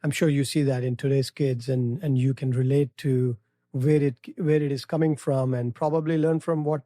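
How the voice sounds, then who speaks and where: A man's voice: mid-range voice, fairly even intonation, moderate pace, dark tone, dry recording. A middle-aged man with an Indian English accent, hosting a podcast interview and asking questions with many fillers and restarts. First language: Telugu. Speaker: podcast host. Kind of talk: casual interview.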